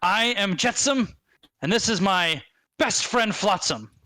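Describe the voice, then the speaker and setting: A man putting on a raspy boastful goblin swashbuckler. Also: high voice, expressive, a little slow, bright, forceful tone, no echo, exaggerated voice.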